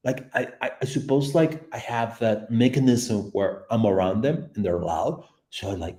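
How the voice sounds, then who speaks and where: A man in his forties chatting casually on a livestream from his office, excitable and rambling, swinging between loud bursts and hushed asides. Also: fairly low pitch, normal speed, few pauses, roomy sound. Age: 40s. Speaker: livestreaming artist. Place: office room.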